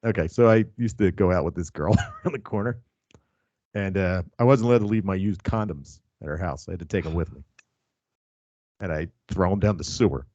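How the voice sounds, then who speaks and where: A man's voice: low voice, a little fast, a little mellow, dry recording, lo-fi sound. A man hosting a podcast, telling a crude story in casual chat. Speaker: podcast host.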